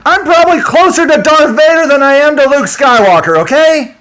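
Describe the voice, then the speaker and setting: A man's voice: extremely high pitch, animated, fairly quick, a bit bright, slight background noise. A man delivering an angry, profane, unscripted rant to his audience, breaking into laughter between points. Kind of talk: unscripted ranting monologue.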